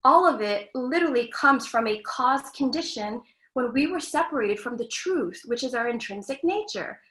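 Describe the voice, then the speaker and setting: A woman's voice: high voice, expressive, normal speed, fairly bright tone, reverberant, low-quality recording. A woman actress speaking as a guest, giving frank, earnest self-help advice in a casual, lightly profane way. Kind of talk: candid self-help talk.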